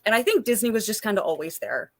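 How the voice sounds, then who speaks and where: Uma mulher de uns trinta anos, convidada de um bate-papo ao vivo, falando de forma descontraída e rindo com facilidade. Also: female voice, medium pitch, big pitch swings, fast talker. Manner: chatty, laughs easily, fillers like "like". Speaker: panel guest. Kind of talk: casual livestream panel chat. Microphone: video call.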